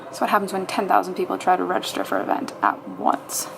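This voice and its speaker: A woman's voice: lowish voice, sing-song, quick pace, gravelly, noisy background. A woman vlogging casually, talking to herself and her viewers, exasperated and swearing as she tries to register online. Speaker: fitness vlogger. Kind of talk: casual vlog commentary.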